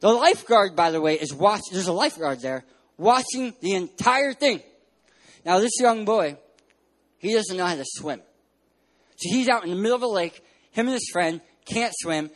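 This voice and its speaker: High-voiced, animated young preacher man. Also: normal speed. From San Diego, California. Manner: playful, animated storytelling, bursts of loud emphasis. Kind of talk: sermon with personal stories.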